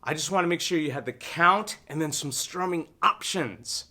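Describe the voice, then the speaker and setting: A man's voice: a little high, normal speed. A man teaching a beginner guitar lesson, counting beats aloud and singing short lyric lines. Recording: loud guitar music under the voice.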